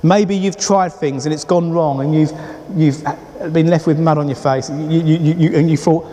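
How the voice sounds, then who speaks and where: A middle-aged man preaching a sermon as a pastor, animated and conversational with chatty asides. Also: fairly high pitch, normal speed. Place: church. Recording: reverberant church hall.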